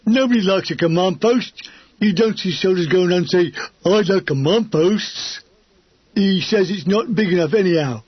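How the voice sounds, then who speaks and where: A man playing a cheeky young soldier, fed up and grumbling, brash and high in pitch. The voice sounds slightly husky, and the recording is dry and somewhat dull. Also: normal speed, dry recording.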